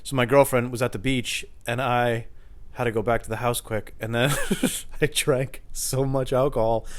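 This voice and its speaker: A man's voice: medium pitch, level tone, moderate pace. A man rambling alone for his podcast at home in the kitchen, casual, profane and self-deprecating. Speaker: podcast host. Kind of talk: solo rambling monologue.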